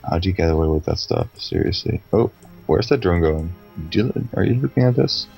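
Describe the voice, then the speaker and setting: A man's voice: sits low, expressive, brisk, vocal fry, a little mellow, husky, faint music behind. A young man casually commentating a video game match with teasing, profane banter. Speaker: esports commentator.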